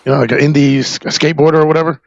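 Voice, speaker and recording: A man from New Jersey, a podcast guest, candidly recounting a personal story in a halting, rambling way full of fillers and profanity. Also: fairly high pitch, steady tone, highs cut off.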